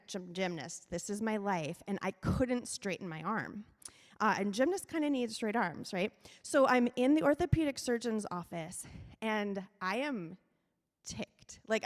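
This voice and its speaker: A woman speaks in a candid, conversational way, sharing a personal story with plenty of fillers. Her voice sits at a middle pitch. Long reverb from a church hall trails after her words.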